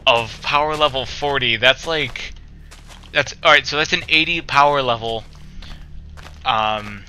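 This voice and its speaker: A man talking through a game at an unhurried, slow pace. His voice is sharp and very bright. He rambles, corrects himself mid-sentence and mutters playful sound effects, with faint keyboard clicks behind. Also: medium pitch, slight background noise. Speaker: let's play host. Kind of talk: casual gameplay commentary.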